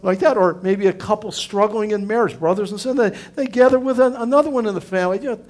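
A man's voice: high voice, quick pace, a little mellow. A middle-aged male pastor giving a conversational sermon, earnest and rambling, with frequent restarts and fillers.

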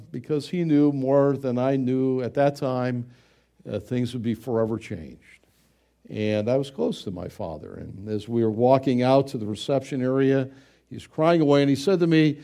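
A man's voice: medium pitch, gravelly, mellow. A middle-aged male pastor preaching a sermon in a conversational way, with frequent fillers and restarts.

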